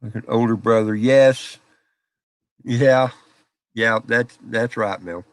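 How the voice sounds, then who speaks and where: A man's voice: mid-range voice, fairly even intonation, slow pace, dry recording. Guy in his middle years rambling to his live chat, folksy stories and laughs, dry close sound. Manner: folksy storyteller, laughs often. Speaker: live stream host. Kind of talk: casual live chat with viewers. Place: small office out back.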